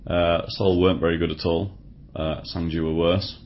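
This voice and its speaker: A man's voice: low voice, flat delivery, normal speed, slight background noise. A man co-hosting a casual football podcast, recapping results with dry, wry understatement. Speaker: podcast co-host. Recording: dull lo-fi podcast audio.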